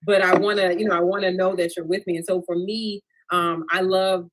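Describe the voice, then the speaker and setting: A woman's voice: fairly low pitch, fairly quick, rough recording. Chatty woman doing stand-up. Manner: animated, talks straight to the crowd with "y'all". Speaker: stand-up comedian. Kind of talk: stand-up comedy set over a video stream. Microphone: remote video call.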